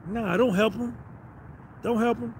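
Guy playing cold heartless lions, scornful street talk, kinda high. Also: fairly even intonation, unhurried, a little hiss or hum. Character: callous pack of male lions.

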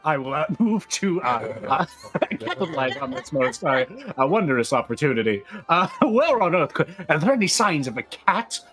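A man's voice: fairly high pitch, big pitch swings, moderate pace, fairly bright tone, soft background music. A man playing a tabletop game, speaking in grandiose in-character phrasing broken up by fillers and laughs. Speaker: player.

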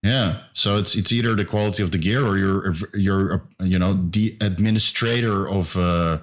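Low-voiced man asking technical questions. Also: fairly even intonation, moderate pace, fairly bright tone. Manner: questioning, technical, hesitant with fillers. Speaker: podcast co-host. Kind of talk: casual podcast chat.

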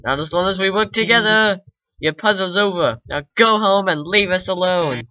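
A man's voice: sits high, moderate pace, pushed and bright, a little hiss or hum, low-quality recording. A man reading as a nerdy lizard scientist. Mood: heroic. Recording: game music underneath.

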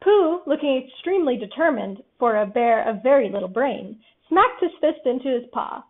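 Woman reading a kids story, gentle, slightly high voice, tinny phone-like sound. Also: animated, moderate pace. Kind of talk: storybook read-aloud.

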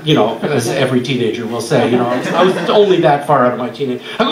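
An older man stands in a music club telling an animated story, often laughing as he acts out quoted voices. His voice sits a little high for a man and carries a soft hiss beneath. It sounds roomy and off-mic, caught from a distance across the venue. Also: fast, hardly any pauses, crowd noise. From Canada. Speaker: guest speaker telling a story. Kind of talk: storytelling speech at an event. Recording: echoey club from far off.

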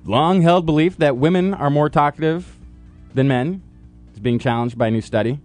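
A man's voice: on the high side, moderate pace, darkish tone, faint music behind. A man co-hosting a college radio science talk show, joking and reading with playful drama. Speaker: co-host.

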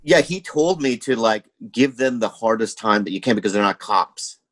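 A man's voice: on the low side, animated, moderate pace, a bit bright, no echo, low-quality recording. A man guesting on a podcast, chatting casually and rambling through stories with lots of fillers, acting out other people's voices along the way. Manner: rambling storytelling with many fillers. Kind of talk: casual chat.

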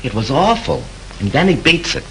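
A man's voice: medium pitch, big pitch swings, moderate pace, a little hiss or hum, rough recording. An actor playing a chatty, slangy male hotel bellhop recounting a fight in a 1930s film. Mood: gossipy. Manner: slangy, gossipy storytelling. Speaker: night bellhop.

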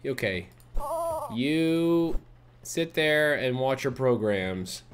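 A man's voice: medium pitch, lively intonation, drawn-out words, background noise. A young man giving casual gameplay commentary on a let's play, reacting with startled yelps and swearing and cooing at an in-game baby.

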